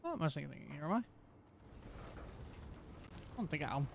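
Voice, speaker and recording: A Scottish-accented man streams a game, giving casual commentary as he rambles and thinks aloud while troubleshooting his setup. His fairly high voice is very animated and fairly quick, with vocal fry and a little hiss or hum.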